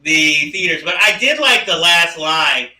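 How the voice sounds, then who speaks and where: A man co-hosting a casual movie discussion podcast, animated and laughing often as he acts out lines. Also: fairly high pitch, a little slow, reverberant, recorded from a distance, rough recording. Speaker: podcast co-host.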